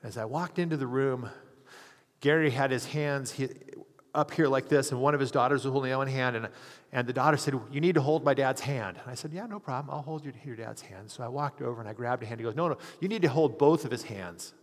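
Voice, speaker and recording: A man's voice: medium pitch, fairly quick. A hospital chaplain telling a story in a sermon, earnestly acting out the people he quotes. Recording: long hall reverb.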